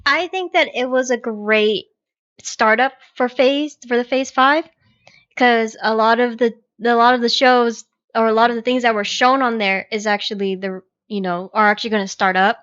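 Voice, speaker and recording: A woman's voice: a little high, steady tone, normal speed, fairly bright tone, dull audio. A woman co-hosting a podcast in casual chat, explaining things hesitantly with many fillers. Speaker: podcast co-host.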